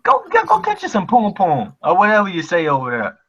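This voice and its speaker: A man co-hosting a casual fight chat, ranting with lots of swearing and animated emphasis. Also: high voice, a little fast, breathy edge. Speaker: co-host. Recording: lo-fi dull audio.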